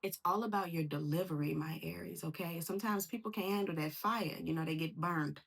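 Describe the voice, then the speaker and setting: A woman with a husky, slightly low voice gives a casual tarot reading. She speaks in an animated, slangy way. She keeps acting out the voices of the people she quotes. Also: brisk. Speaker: tarot reader.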